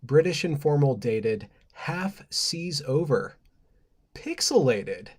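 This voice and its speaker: A man's voice: a little high, very animated, slow pace, darkish tone, slightly rough. A man hosting a casual livestream, rambling playfully, reading word lists aloud and laughing at his own asides. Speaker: livestream host.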